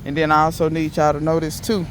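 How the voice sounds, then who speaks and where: A man's voice: fairly high pitch, flat delivery, fast, background noise. A man in a casual gardening vlog, chatty and emphatic, talking to viewers outdoors in his garden. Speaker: home gardener.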